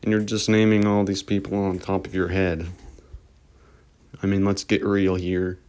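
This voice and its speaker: A man's voice: sits low, monotone, normal speed, a little mellow, clean tone. A man hosting a reaction video, talking in a casual, rambling voice-over. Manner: rambling, offhand remarks.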